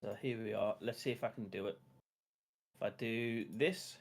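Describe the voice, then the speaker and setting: A man's voice: lowish voice, moderate pace, vocal fry. A man with a Sunderland accent hosting a casual football watch-along stream, chatting loosely with viewers and laughing often. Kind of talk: casual live-stream chat.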